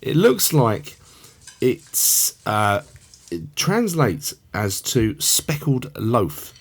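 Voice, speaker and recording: A man's voice: medium pitch, very animated, very slow, slightly rough. A man hosting a casual cooking tutorial, chatting along with rambling asides. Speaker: cookery show host.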